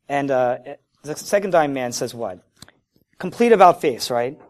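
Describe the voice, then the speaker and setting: A man preaching a sermon, animated, swinging between loud emphatic lines and low, quiet ones. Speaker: pastor.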